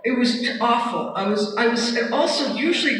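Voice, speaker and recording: A woman's voice: fairly high pitch, animated, moderate pace, a bit bright. A woman telling comedic stories on a theater stage, chatty and self-mocking, with casual swearing. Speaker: stage performer. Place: large theater stage before a live audience. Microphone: audience camera far from the stage. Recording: distant echoey theater audience recording. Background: audience laughter and hall noise.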